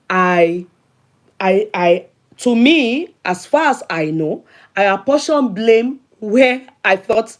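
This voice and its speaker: Nigerian woman, middle-aged, livestream host, chatty, greets viewers, yoruba phrases mixed in. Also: mid-range voice. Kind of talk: casual live chat with viewers.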